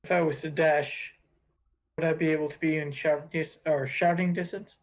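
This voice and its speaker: A man taking part as a player in a tabletop game, asking halting questions about what he can do. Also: fairly high pitch, fairly even intonation. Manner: halting, asks rules questions. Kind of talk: casual tabletop play.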